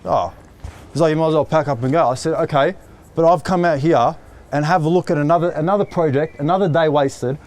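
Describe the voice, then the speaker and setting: A man, a stressed tradesman talking haltingly on a building site, saying mate often. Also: on the high side, darkish tone.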